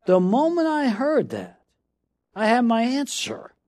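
A man's voice: extremely high pitch, huge pitch swings, a little slow, darkish tone. A middle-aged man preaching a sermon, telling a story with frequent laughter and repeated calls of "come on".

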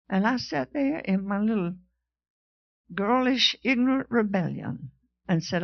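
A woman's voice: medium pitch, animated, a little slow, creaky, pauses often, breathy edge. A woman preaching a sermon, telling a story and reading scripture aloud with rising fervor. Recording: dull lo-fi sound.

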